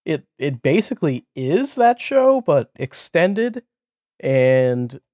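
A podcast co-host chats casually and rambles, with lots of fillers, restarts and frequent laughter. His slightly high voice is sing-song, slow and a little mellow, recorded with clean studio sound and no room sound.

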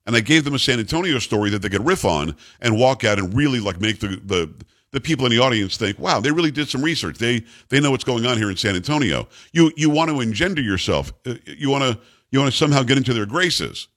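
A man's voice: medium pitch, fast. A middle-aged American man hosting a talk radio show, sarcastic and opinionated as he riffs with his co-host. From United States. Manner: animated, sarcastic, riffing with a co-host.

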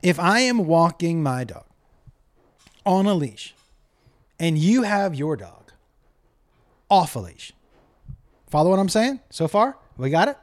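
A man's voice: fairly high pitch, very animated, slow pace, long pauses. A middle-aged man telling a comic rant to camera, profane and exasperated as he tells a story.

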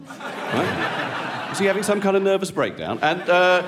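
A man's voice: on the high side, big pitch swings, normal speed, a bit bright, slight background noise. A man telling a comic showbiz anecdote, sardonic and sweary.

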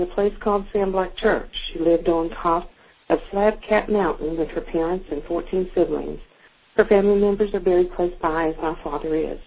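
An older woman reading her own story about her mother aloud, gentle and unhurried, with a few fillers. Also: fairly low pitch, husky. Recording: narrow phone-like sound.

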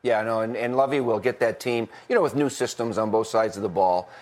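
A man's voice: lowish voice, steady tone, quick pace, few pauses, darkish tone. A middle-aged former football coach chatting on a podcast, talkative, laughing often and restarting his sentences. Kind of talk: casual podcast chat.

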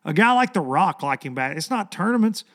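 A man hosting a fishing podcast in casual chat, hoarse from losing his voice, rambling and repeating words for emphasis. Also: sits high, sing-song, fairly quick, fairly bright tone.

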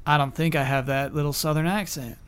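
A man's voice: a little high, steady tone, a little fast, smooth. A man playing a tabletop game, chatting in a jokey, playful way. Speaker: player. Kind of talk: casual chat at a tabletop game.

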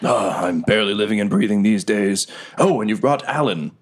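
A man's voice: on the low side, lively intonation, fairly quick, breathy edge. A man playing a weary, self-mocking crime boss. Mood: wry, weary.

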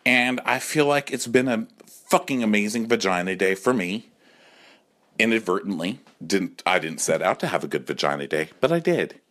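A man's voice: fairly low pitch, lively intonation, moderate pace, a bit bright. A man in his forties, drunk, delivering a campy, sassy comic rant that keeps slipping into acted-out voices. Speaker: caller leaving a voice message.

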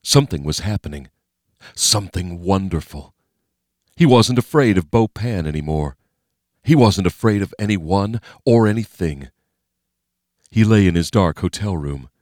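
A man reading a novel aloud as narrator, in a steady, measured way. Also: low voice, no room sound, studio quality. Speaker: audiobook narrator. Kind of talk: scripted narration.

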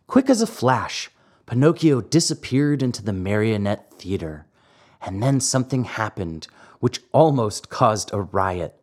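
A man reading a classic children's story aloud, slow and expressive. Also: lowish voice. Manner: slow, expressive, acts out the voices. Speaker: narrator.

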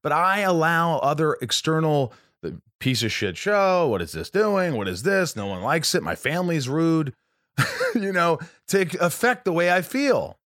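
A man's voice: on the high side, unhurried, no echo, clean studio sound. A middle-aged Canadian-born man, a podcast guest, telling jokey stories in casual chat. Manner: animated storyteller, jokey.

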